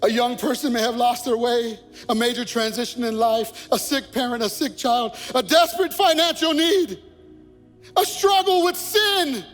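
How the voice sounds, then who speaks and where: High-voiced male pastor preaching. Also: normal speed, a bit bright. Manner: preaching with rising intensity, repeating phrases. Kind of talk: sermon. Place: church sanctuary. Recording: long church reverb with faint music.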